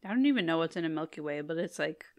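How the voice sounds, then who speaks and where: Giggly woman co-host, low voice. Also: lively intonation, rapid-fire, darkish tone. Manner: giggly and easygoing, with frequent laughter. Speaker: podcast co-host. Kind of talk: casual podcast chat.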